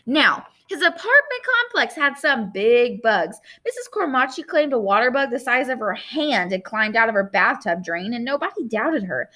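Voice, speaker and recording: A woman reading a novel aloud like a teacher, expressive, stopping for chatty asides to her listeners. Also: fairly high pitch.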